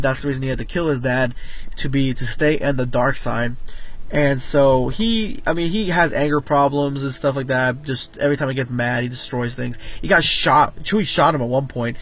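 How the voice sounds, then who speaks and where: A man giving a casual, rambling film review, full of fillers, restarts and swearing. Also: medium pitch. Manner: rambling, filler-heavy, profane. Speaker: movie reviewer. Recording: tinny phone-like audio with faint music.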